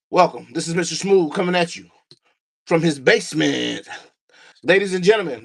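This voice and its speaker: His voice sits high and a bit bright as he runs a relaxed livestream from a basement studio at home. Picked up only by room sound without a mic, he talks to his chat and his dog while slightly winded.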